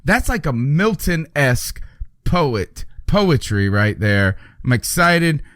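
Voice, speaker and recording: A man hosting a sports call-in podcast, excitable and exclamatory as he reacts and takes callers. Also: fairly high pitch, takes it slowly, no room sound, clean studio sound. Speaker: podcast host. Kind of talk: lively sports podcast chat.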